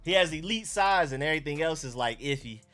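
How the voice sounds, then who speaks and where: A man's voice: a little high, lively intonation, fast, a bit bright, soft background music. A young man with an Atlanta accent, hosting a casual live stream and reacting to chat and talking to his dog. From Georgia.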